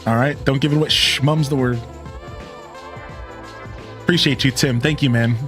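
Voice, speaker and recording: A man's voice: medium pitch, fairly even intonation, moderate pace, a bit bright, soft background music. A man in his thirties rambling casually with his live-stream viewers, chuckling and thanking them by name. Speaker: game streamer.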